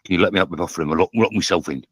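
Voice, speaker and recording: A groggy man with a husky voice on a phone call, confused, rambling, repeating himself and swearing. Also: low voice, very fast, fairly bright tone, dry recording.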